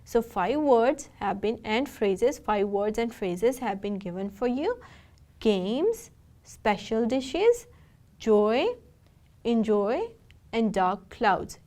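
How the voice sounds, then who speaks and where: A woman teacher, giving a recorded video lesson. She speaks patiently and directly to her students and spells out words slowly. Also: medium pitch, a little mellow.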